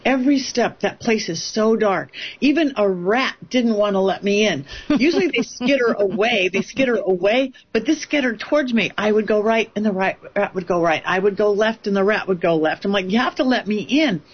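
A woman psychic medium telling a story in an interview, animated and rambling, often restarting her sentences. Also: mid-range voice, normal speed, husky, dull audio.

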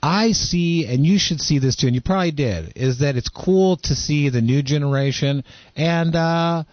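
A man's voice: fairly high pitch, moderate pace, no room sound. A man in casual banter with a co-host, easygoing and earnest, laughing often. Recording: dry, dull lo-fi audio.

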